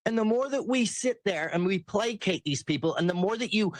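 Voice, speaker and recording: A man's voice: high voice, animated, brisk, no echo. A man delivering a heated, sarcastic political rant as a commentary host. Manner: ranting, sarcastic, mimics people in quotes.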